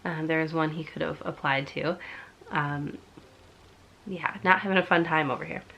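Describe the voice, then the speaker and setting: A woman's voice: sits low, fairly even intonation, moderate pace, creaky, fairly bright tone, slight background noise. A young woman talking candidly in a personal vlog, congested from a cold, chatty and confessional with nervous laughs. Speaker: vlogger.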